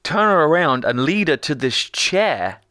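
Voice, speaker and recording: A man's voice: on the high side, big pitch swings, unhurried, pushed and bright, dry recording, studio quality. A man, co-hosting a casual chat and narrating a TV plot in detail with sweary asides. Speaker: podcast co-host. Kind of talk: casual chat recapping a TV episode.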